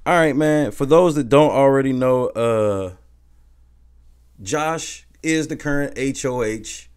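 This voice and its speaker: A man's voice: mid-range voice, slow pace, darkish tone, smooth. A man hosting a casual recap, talking loosely with profanity and laughing as he retells events. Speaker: show recap host. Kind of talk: casual reality-show recap.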